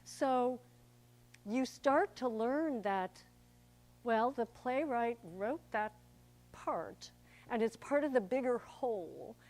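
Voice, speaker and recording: A woman's voice: a little high, expressive, slow pace, a little mellow. An older woman, an actor and director, giving a chatty, theatrical public talk to an audience. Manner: chatty and theatrical, acts out quoted voices.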